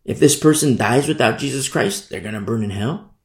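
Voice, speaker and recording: A man's voice: mid-range voice, a little fast, roomy sound. A man preaching a sermon as a pastor, emphatic and conversational, driving points home through repetition.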